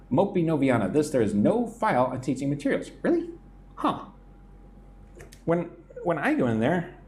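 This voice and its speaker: A man's voice: a little high, darkish tone, a little hiss or hum. A man with a plain American accent teaching English idioms on a live stream, reading out viewer comments and answering them. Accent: General American.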